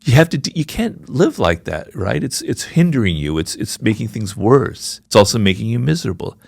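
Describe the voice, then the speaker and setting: Man in his sixties, interview guest: low pitch, gravelly tone, frank and reflective. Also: sing-song, a little fast, no echo. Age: 60s. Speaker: podcast guest, author. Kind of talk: candid conversational interview.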